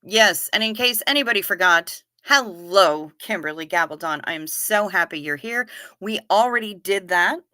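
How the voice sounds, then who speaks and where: A woman's voice: mid-range voice, animated, normal speed, bright, forceful tone, dry recording, clean studio sound. A woman hosting a live stream, chatting casually as she reads viewer comments aloud, wry and given to swearing and giggling.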